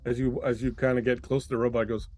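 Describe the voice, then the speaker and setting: A man narrates a tabletop role-playing session as its game master. He talks in a loose, rambling way, full of "uh" and "like," at a mid-range pitch. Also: level tone, rapid-fire, a little mellow.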